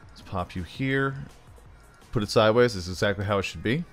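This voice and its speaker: A man's voice: on the low side, a little fast, fairly bright tone, faint music behind. A man casually commentating his own cooking game as he plays, chatty and thinking aloud, calling the viewer "bro". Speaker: gaming channel host. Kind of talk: casual let's-play commentary.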